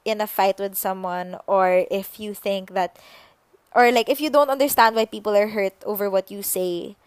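A young woman hosting a solo podcast, musing unhurriedly with pauses and fillers. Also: mid-range voice, clean tone, no room sound. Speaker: podcast host. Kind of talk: reflective solo podcast talk.

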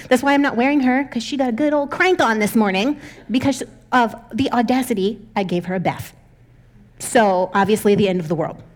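Young woman, pastor, candid sermon, chatty, laughs often, fairly high voice. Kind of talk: conversational sermon.

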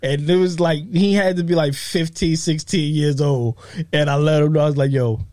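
A man, co-hosting a podcast. His voice sits a little high and is recorded close and dry. He tells long stories in a loose, profane, easygoing way. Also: steady tone, darkish tone, dry recording. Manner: laid-back, profane street slang, drawn-out telling. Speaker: podcast co-host. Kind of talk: casual storytelling chat.

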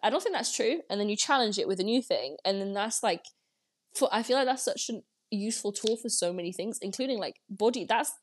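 A young woman speaks as a podcast guest. Her talk is casual and reflective, full of filler "like"s. Her pitch sits in an ordinary middle range. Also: lively intonation, brisk. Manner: chatty and reflective, many fillers like "like". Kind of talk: casual conversational interview.

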